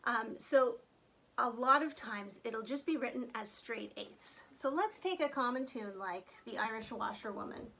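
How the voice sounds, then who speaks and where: A woman's voice: on the high side, expressive, measured pace, creaky, fairly bright tone. A woman fiddle teacher talking through a lesson in a chatty way, counting beats aloud as she explains. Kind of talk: friendly instructional talk.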